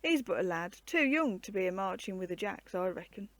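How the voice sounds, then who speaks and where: A woman voicing a mild-mannered male trooper speaking up calmly, in a storybook reading. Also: mid-range voice, a little fast, dry recording, natural voice. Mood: placating.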